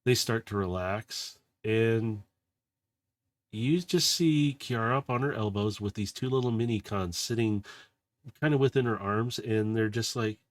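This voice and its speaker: A man's voice: lowish voice, unhurried, no room sound, studio quality. A man narrating as the game master of a tabletop game, rambling with many fillers and laughing often.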